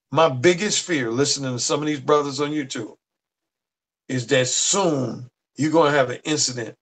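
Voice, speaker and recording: A man speaking as a guest dating coach in casual conversation, earnest and emphatic, slowing down to stress his words. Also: medium pitch, fairly bright tone. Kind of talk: casual chat.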